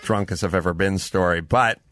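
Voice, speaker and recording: Bright, profane man hosting a talk show. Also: low voice, a little fast, no echo, soft background music. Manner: profane, animated storyteller acting out both sides of exchanges. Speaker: podcast host. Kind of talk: casual talk show banter.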